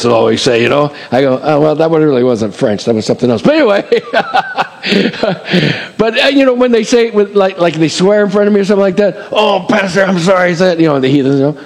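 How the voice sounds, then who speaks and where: A middle-aged male pastor with a fairly high voice delivers a folksy, conversational sermon full of asides and fillers. His words ring out with a long reverb, as in a large hall. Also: darkish tone.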